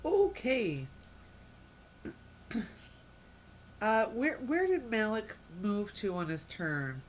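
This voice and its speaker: A woman's voice: mid-range voice, very animated, drawn-out words, a little hiss or hum. A woman playing a tabletop game, who speaks in a hesitant, apologetic way. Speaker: player. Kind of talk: casual tabletop game chat.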